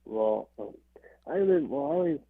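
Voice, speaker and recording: Halting male caller on a phone line. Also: lowish voice, huge pitch swings, creaky, husky, dry recording. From California. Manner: hesitant, halting, repeats himself.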